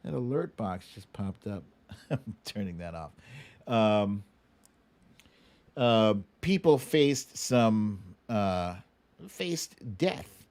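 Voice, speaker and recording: A man hosting a livestream of political commentary, ranting in a profane, sarcastic way. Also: on the low side. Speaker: host.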